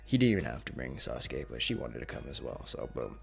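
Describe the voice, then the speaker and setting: Gravelly, profane young-sounding storyteller man. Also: a bass voice, big pitch swings, fast talker. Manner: profane, rambling, slangy. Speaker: channel host. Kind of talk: casual what-if story narration.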